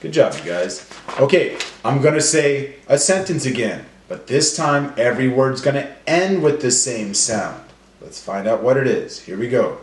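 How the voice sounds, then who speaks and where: A man leading a children's phonics lesson, slowly stretching out sounds and syllables. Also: mid-range voice, animated, echoey room. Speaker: teacher. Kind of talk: phonemic awareness lesson for children.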